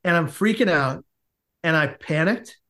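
A man's voice: fairly high pitch, animated, unhurried, sharp tone. A man, a podcast guest, telling a long comic story in casual conversation and acting out the quotes as he goes.

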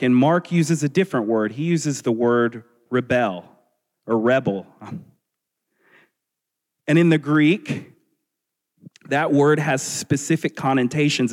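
A man preaching a sermon as a pastor, earnest and measured, asking his listeners rhetorical questions. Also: mid-range voice. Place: church sanctuary. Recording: long reverb of a large hall.

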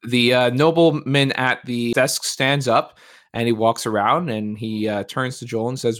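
A man narrating as game master of a tabletop game podcast, relaxed and full of fillers. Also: medium pitch, unhurried.

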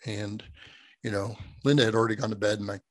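A middle-aged man, a podcast guest, telling a personal story in a casual, animated way, laughing often and acting out quoted speech. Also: fairly low pitch, fast talker, dry recording.

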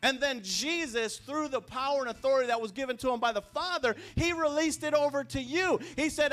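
A man preaching a sermon as pastor, talking in a conversational way with repeated phrases and restarts, dropping quiet and then rising loud. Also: very high-pitched, fairly quick, few pauses, faint music behind. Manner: swings between hushed and raised. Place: church sanctuary.

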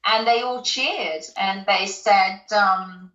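A woman's voice: mid-range voice, slow, fairly bright tone. A woman from the UK, a guest in an interview, tells a personal story in a chatty way, with many ums and restarts. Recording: roomy, slightly dull recording.

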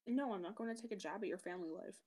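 A woman's voice: medium pitch, racing, a little mellow. A young woman co-hosting a podcast over an online call, chatting casually and joking. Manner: joking, teasing banter. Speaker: podcast co-host. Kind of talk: casual chat.

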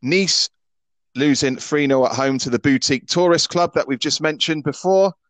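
A man's voice: fairly high pitch, moderate pace, fairly bright tone, no room sound. A Scottish man in his thirties hosting a football podcast in casual chat. He is opinionated and often stammers and restarts his sentences. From Scotland. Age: 30s.

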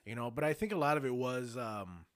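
A man's voice: mid-range voice, lively intonation, brisk, fairly bright tone, dry recording, studio quality. A man in a casual podcast chat, reacting in a laid-back way with swearing and musing about comedians. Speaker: podcast co-host.

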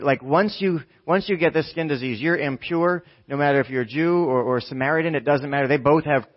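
Conversational pastor, slightly high voice. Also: male voice. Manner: casual, keeps asking "right?", acts out voices, from hushed to near shouting. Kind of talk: conversational sermon. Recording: dull lo-fi sound.

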